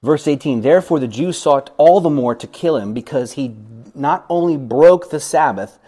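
A man leading a Bible study, reading verses and explaining them in an animated, lively way, acting out voices and laughing often. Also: on the high side, normal speed.

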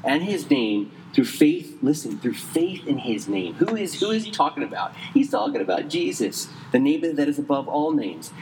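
A man preaching a sermon conversationally, quick in places and slow and emphatic in others, saying he is losing his voice. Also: medium pitch, very animated, darkish tone, long reverb tail, a little hiss or hum, poor audio. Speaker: pastor.

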